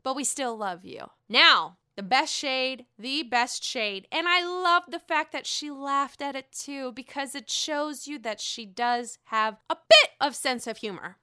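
A woman's voice: sits high, expressive, measured pace, hardly any pauses, bright, forceful tone. A woman casually recapping a reality show, gossiping, swearing freely and often laughing.

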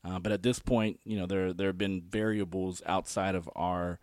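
A man with a low voice laying out his reasoning on a sports podcast. He speaks earnestly, pausing on ums and you-knows. The recording is close and dry. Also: fairly even intonation, darkish tone, dry recording. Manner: earnest, explaining, frequent ums. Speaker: podcast co-host. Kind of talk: casual sports chat.

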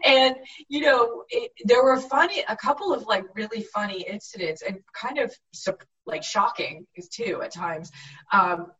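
Laughing storyteller, an actress guest. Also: female voice, on the high side, unhurried, recorded from a distance, muffled recording. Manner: animated anecdotes with frequent laughter. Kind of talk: casual interview storytelling.

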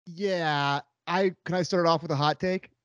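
A man co-hosting a sports podcast in casual chat, enthusiastic and quick to laugh. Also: fairly high pitch, fairly even intonation, dry recording, dull audio.

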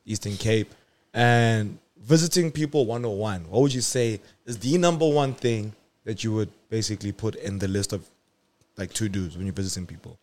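A young man from South Africa co-hosting a podcast, bantering casually in a quick, jokey, playful way. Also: on the low side, a little mellow. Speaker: podcast co-host. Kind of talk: casual chat.

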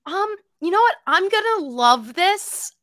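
A woman co-hosting a casual football podcast, chatty and quick to laugh, with lots of "like". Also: very high-pitched, lively intonation, a bit bright, no room sound. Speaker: podcast co-host. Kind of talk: casual sports chat.

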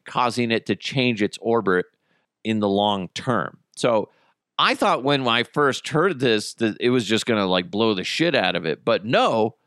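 A man's voice: mid-range voice, a bit bright, no room sound, clean studio sound. A man hosting a podcast, telling stories in a casual, profane, comedic way and laughing at his own jokes. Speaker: podcast host.

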